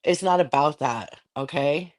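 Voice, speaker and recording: A woman's voice: deep voice, measured pace, darkish tone. A livestreaming woman in a heated, profane, confrontational rant aimed at a rival.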